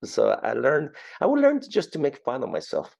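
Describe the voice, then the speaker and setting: Gravelly Ecuadorian-accented man in his fifties. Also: medium pitch, fairly quick. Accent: Ecuadorian Spanish. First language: Spanish. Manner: animated storyteller, repeats words. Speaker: guest. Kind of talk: storytelling interview.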